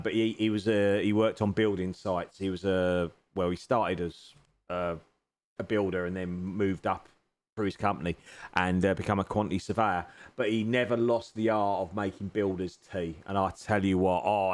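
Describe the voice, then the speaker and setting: A man streaming a racing game, chatting with his viewers in a jokey, teasing way and thanking them as he goes. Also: fairly low pitch. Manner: jokey, teasing banter, grateful to chat. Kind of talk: live-stream chat with viewers while racing. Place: home sim racing rig.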